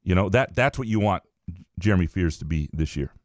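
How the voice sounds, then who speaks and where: A man co-hosting a casual sports podcast, talking things through in a measured, hedging way. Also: low voice, lively intonation, dry recording, clean studio sound. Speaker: podcast co-host.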